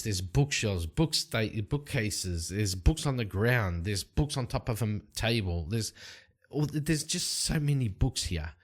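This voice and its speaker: A man narrating and playing a solo tabletop game at a desk mic, rambling and relaxed with plenty of fillers. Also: lowish voice. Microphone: desk microphone.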